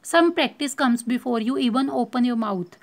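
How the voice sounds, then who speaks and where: A woman teaching a spoken lesson, explaining slowly and repeating points with many fillers. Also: fairly high pitch. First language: Hindi. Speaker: English teacher.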